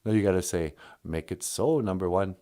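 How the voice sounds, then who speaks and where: A man's voice: low voice, a little fast, warm tone. A man co-hosting a casual vlog, bantering and playing along with jokes. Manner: jokey, plays along with the bit. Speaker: co-host.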